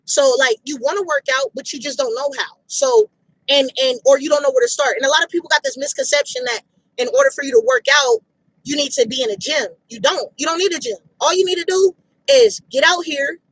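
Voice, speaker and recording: A woman's voice: high-pitched, animated, fairly quick, a bit bright, dry recording, poor audio. A woman giving a casual, emphatic fitness pep talk outdoors, repeating her points bluntly with slangy phrasing. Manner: emphatic, repetitive, direct, street slang. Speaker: fitness motivator.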